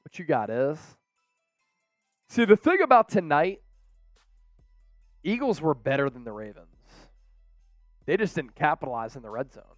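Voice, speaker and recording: Hyped high-voiced male stream host. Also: big pitch swings, normal speed, long pauses, dry recording, faint music behind. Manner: hyped, talks straight to the viewers. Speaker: sports live-stream host. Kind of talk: casual live-stream chat reading viewer donations.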